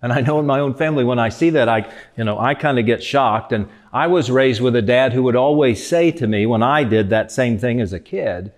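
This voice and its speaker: A man's voice: medium pitch, a little fast, few pauses. A man in the middle of a reflective, motivational talk. His tone is conversational, and he keeps checking in with rhetorical questions like "right?" and "don't they?". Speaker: speaker.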